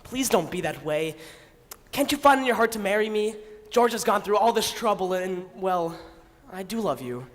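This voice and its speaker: A man's voice: high-pitched, lively intonation, moderate pace. A man playing an earnest, lovesick young groom in an amateur stage musical, sincere and pleading. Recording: reverberant stage hall.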